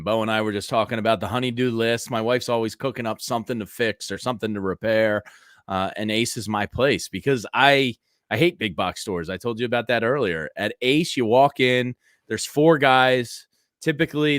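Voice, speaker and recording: A man's voice: medium pitch, no room sound, studio quality. Chatty man reading ads and talking football. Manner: energetic, chatty ad reads. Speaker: podcast co-host. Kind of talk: casual sports chat with host-read ads.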